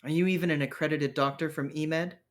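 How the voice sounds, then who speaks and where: A man voicing a stiff, discreet, ghoulishly tall male clinic attendant in a tabletop role-playing game, with hesitant pauses. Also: a little high, steady tone, lightly acted. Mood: prim, guarded.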